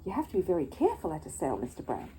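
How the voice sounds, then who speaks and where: Woman doing a gentle, courteous elderly antique dealer in a storybook, mellow and patient. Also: low-pitched, huge pitch swings, very fast, poor audio. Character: kindly older male antique dealer, gentle.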